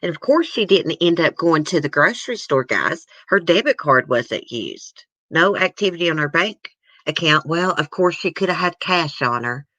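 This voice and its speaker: A woman's voice: low voice, expressive, moderate pace, fairly bright tone, no echo. A woman, hosting a casual, emotional chat and talking straight to her viewers. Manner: emotional, chatty, addresses viewers. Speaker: host. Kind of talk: casual chat reacting to news clips.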